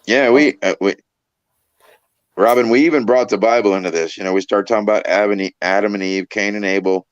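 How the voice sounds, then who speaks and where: A man's voice: fairly low pitch, fairly quick, clean tone, dry recording, dull audio. A man hosting a casual livestream chat on his phone, rambling, joking and swearing as he goes. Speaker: host of a trucking livestream. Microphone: phone held in hand.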